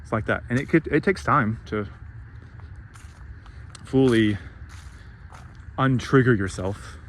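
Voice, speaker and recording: A man's voice: mid-range voice, slow pace, a little hiss or hum. A man giving a heated, profane spiritual rant, sarcastic and emphatic, who swears freely. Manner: sarcastic, mocks others in put-on voices. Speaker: spiritual vlogger.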